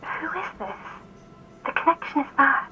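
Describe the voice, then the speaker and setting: A woman's voice: high voice, very animated, normal speed, soft background music. An actress voicing a sleepy, confused woman woken by a late phone call, plaintive and half-whispering. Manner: plaintive, drowsy, often whispered. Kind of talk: game voice acting.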